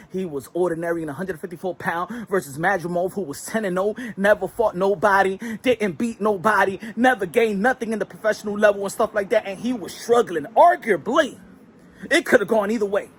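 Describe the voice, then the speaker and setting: A man hosting a casual boxing commentary vlog, animated, slangy and joking. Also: sits high, brisk, slightly rough.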